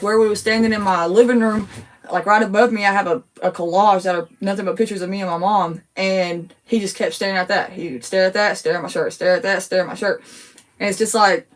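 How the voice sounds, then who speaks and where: A woman's voice: mid-range voice, far from the mic. Worked-up woman talking to her phone. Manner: emotional, gets worked up, rapid and repetitive. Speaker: TikTok creator. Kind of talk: casual talk to viewers. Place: her home living room.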